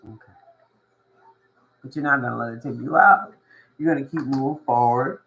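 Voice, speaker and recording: A woman giving a casual tarot reading to camera. She talks in a slangy, drawn-out way, swears, and laughs often between thoughts. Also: a bass voice, creaky, fairly bright tone, dull audio. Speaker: tarot reader.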